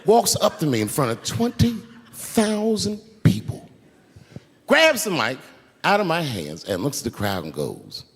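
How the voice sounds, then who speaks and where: A male stand-up comedian telling stories on a handheld mic, swinging into loud acted-out outbursts, live in a large arena with the audience laughing. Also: a little high, huge pitch swings, a little slow, big-room sound. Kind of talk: stand-up routine. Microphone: handheld stage mic. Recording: live arena with roaring crowd.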